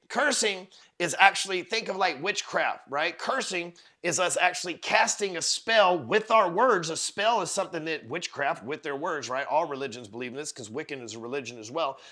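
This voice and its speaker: A podcast host and father of four, this man speaks in a fairly high, animated, pushed and bright voice at a moderate pace with hardly any pauses. His motivational monologue is blunt and profane, circling back on its points, and he emphatically repeats words as he builds each one.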